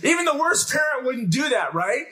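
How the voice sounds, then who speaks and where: A middle-aged pastor preaching a sermon, telling a story with energy and putting questions to the congregation. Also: male voice, very high voice, moderate pace. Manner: animated storytelling, shouts when acting out scenes, asks the crowd questions. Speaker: guest pastor.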